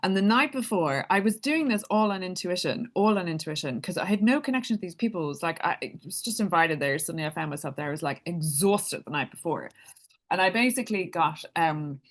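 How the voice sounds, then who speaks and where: A woman's voice: on the low side, animated, fairly quick. Chatty woman telling a story. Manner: chatty, laughs often, many "like" fillers. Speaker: spiritual speaker. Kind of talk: casual personal storytelling.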